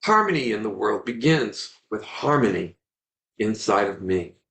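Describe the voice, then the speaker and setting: Gravelly, animated male storyteller. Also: on the low side, a little slow. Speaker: Ayurvedic teacher. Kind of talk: storytelling in a webinar talk.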